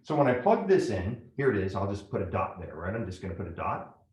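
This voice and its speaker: A man's voice: low-pitched, big pitch swings, quick pace, darkish tone, roomy sound. A man teaching a math lesson step by step, often checking in with "right?". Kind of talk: classroom lecture at a whiteboard.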